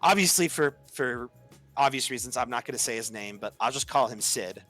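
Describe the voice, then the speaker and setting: A man's voice: mid-range voice, animated, a little fast, pushed and bright, faint music behind. A young man telling a story in a casual, chatty way, saying "like" often and acting out the quoted lines. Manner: chatty, heavy use of "like", acts out quoted lines. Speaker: podcast storyteller.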